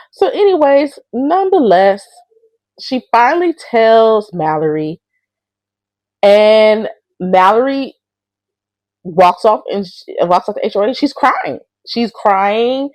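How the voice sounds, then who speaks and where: A woman's voice: mid-range voice, no room sound. A woman hosting a casual recap of a reality show, blunt and profane as she tells the story with a lot of animation.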